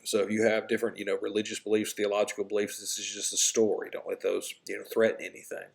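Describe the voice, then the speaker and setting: Male English teacher, informal explainer, low gravelly voice, recorded lesson. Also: monotone, fast, few pauses. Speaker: high school English teacher. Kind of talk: recorded lesson, reading a story aloud.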